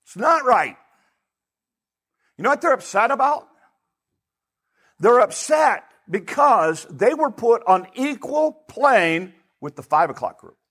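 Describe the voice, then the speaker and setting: A male pastor preaching a sermon in an animated way, asking his listeners rhetorical questions. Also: extremely high pitch, measured pace, slightly rough.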